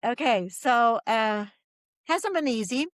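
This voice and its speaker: A woman's voice: on the high side, takes it slowly, dry recording, clean studio sound. A middle-aged woman telling her story as a podcast guest, acting out the voices of people she quotes. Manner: lively storyteller who acts out quoted voices.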